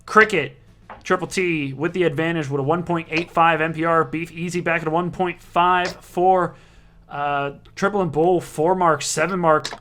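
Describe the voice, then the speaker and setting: A man's voice: a little high, steady tone, normal speed, pushed and bright. A man hosting a live online darts broadcast, introducing players and standings in a casual, joking way and often correcting himself mid-sentence. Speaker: league broadcast host.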